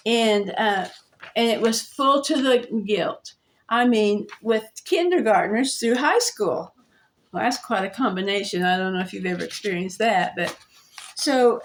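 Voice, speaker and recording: A woman vlogger telling a personal story in a halting way, with restarts and soft laughs. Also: a little high.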